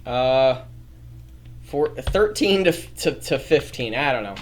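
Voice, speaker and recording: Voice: medium pitch, lively intonation, takes it slowly. A streamer thinking aloud while drafting a story, rambling, correcting themselves and often laughing.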